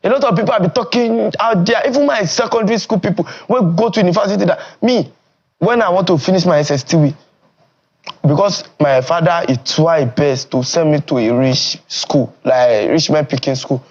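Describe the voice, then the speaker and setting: A young man with a Nigerian Pidgin English accent talks in a fairly high voice that often jumps up and gets loud. The animated, casual talk sounds a little dull and muffled, like TV studio audio. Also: moderate pace. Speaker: streamer and content creator.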